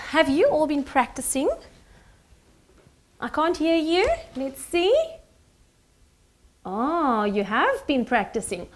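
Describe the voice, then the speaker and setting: A woman's voice: sits high, sing-song, slow, long pauses. A young woman teaching a children's recorder lesson, cheerful and sing-song, talking to the class. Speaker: music teacher.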